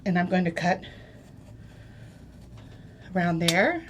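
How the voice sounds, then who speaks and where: A woman's voice: fairly low pitch, very animated, slow pace, a little hiss or hum. A middle-aged woman giving a chatty, step-by-step craft demonstration on a live show, checking in with "okay?" and "right?". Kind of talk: live craft product demo.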